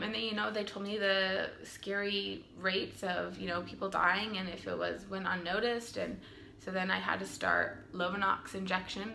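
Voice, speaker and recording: Young mom vlogging at home, earnest and full of ums, raspy edge, a little hiss behind her. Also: medium pitch, little pitch movement, moderate pace, bright, forceful tone. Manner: earnest, with frequent ums and retold quotes. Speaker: vlogger telling her birth story. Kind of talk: casual storytelling to camera. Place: home room.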